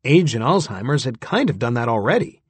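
A man with a husky voice narrating a story in the first person, in a close, dry recording. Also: medium pitch, very animated, a little fast, no room sound. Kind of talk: scripted audiobook narration.

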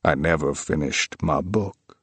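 A man voicing a grieving male writer in low, heavy despair. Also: a little slow, a bit bright, husky, dry recording, heavily acted.

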